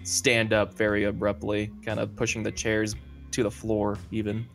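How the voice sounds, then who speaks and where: A man's voice: on the low side, monotone, moderate pace, creaky, soft background music. A man narrating as game master of a tabletop role-playing game, loose and full of fillers.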